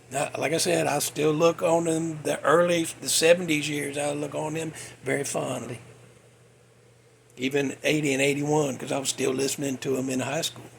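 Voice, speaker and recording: A man's voice: on the high side, creaky, husky. A man, ranting bluntly in a folksy way as a podcast host. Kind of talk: casual monologue.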